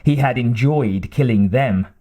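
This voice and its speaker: A man narrating an audiobook in a measured, dramatic way with deliberate pauses. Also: mid-range voice, mellow.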